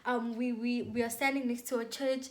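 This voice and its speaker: A woman's voice: on the high side, little pitch movement, moderate pace. A young South African woman telling a dramatic storytime on her vlog, with lots of repetition and acted-out quotes. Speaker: YouTuber.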